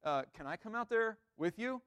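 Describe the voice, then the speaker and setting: A man's voice: sits high, lively intonation, moderate pace, fairly bright tone, clear, resonant tone, no echo, clean studio sound. A man voicing Peter as an eager, bold grown fisherman, talking casually within a sermon.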